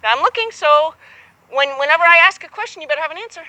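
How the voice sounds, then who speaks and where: A woman's voice: extremely high pitch, expressive, very fast, pushed and bright, no echo, low-quality recording. A woman coaching a horsemanship student outdoors, patient and encouraging, acting out both horse and rider as she explains. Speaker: horsemanship instructor. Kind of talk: hands-on coaching.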